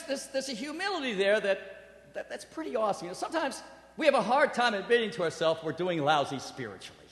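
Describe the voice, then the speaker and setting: A man preaching a sermon and telling a personal story, animated, with acted quotes and laughter. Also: a little high. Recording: roomy hall with long reverb.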